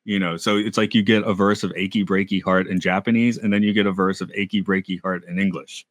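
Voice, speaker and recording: Low-voiced guy rambling on a podcast, dry close sound. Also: fast, no echo. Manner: rambling, animated asides. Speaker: podcast co-host. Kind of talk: casual chat.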